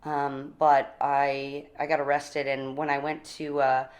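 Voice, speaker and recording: Low-voiced energetic woman telling her story. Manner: energetic, animated, quick bursts, laughing often. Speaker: guest. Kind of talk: casual interview, telling her recovery story.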